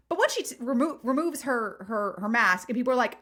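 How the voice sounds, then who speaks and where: A woman co-hosting a romance podcast, talking in a chatty, animated way and swearing freely. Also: fairly high pitch, brisk, few pauses. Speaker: podcast co-host. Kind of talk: casual chat.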